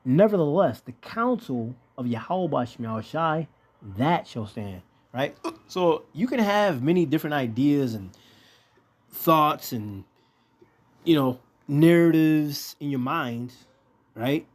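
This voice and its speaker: A man with a slightly high voice teaches from the Bible at a slow pace, sounding animated. He reads verses aloud in a casual, blunt manner, swears freely, and poses rhetorical questions as a preacher working through scripture.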